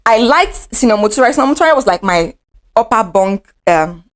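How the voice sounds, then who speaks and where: A woman's voice: a little high, fairly quick. A young adult woman with a Nigerian accent, casually telling a dramatic story from her own life. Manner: animated, dramatic retelling. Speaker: vlogger.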